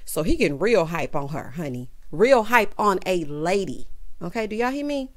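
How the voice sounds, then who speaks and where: A woman giving a casual, sassy recap of a reality dating show, talking often to her viewers and jumping high in pitch to stress a point. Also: normal speed. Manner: sassy, animated, peppered with "child" and "honey"; swoops high in pitch for emphasis. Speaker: TV recap vlogger.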